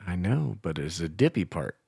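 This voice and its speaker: A radio co-host from Ohio in casual, crude, rambling banter on a morning show. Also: male voice, low-pitched, very animated, moderate pace, vocal fry, warm tone, husky, no echo, clean studio sound. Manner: rambling, crude joking with laughs.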